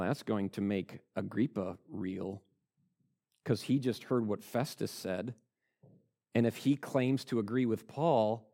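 A man preaching a sermon, acting out the people in the story and jumping from calm teaching to loud, high shouts. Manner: dramatic, acts out the characters with sudden loud shouts. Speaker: pastor.

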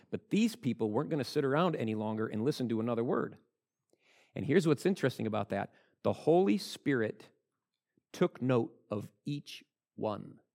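A man preaching a sermon, acting out the people in the story and jumping from calm teaching to loud, high shouts. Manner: dramatic, acts out the characters with sudden loud shouts. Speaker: pastor.

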